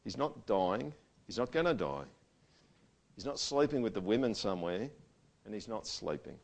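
A man preaching a sermon to a church gathering. He talks conversationally and swings between loud emphasis and quiet, intimate passages. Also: on the low side, very animated, moderate pace, creaky. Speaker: pastor.

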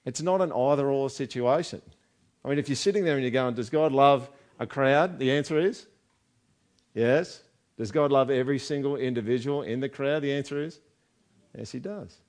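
A pastor preaches conversationally at a moderate pace, his mid-range voice a little mellow, often posing rhetorical questions to the congregation.

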